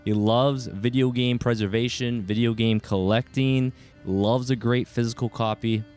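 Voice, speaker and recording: A man's voice: mid-range voice, fairly even intonation, measured pace, darkish tone, soft background music. A man streaming a video game, chatting casually and cheerfully greeting viewers in chat. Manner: upbeat, greets chatters by name, chatty asides.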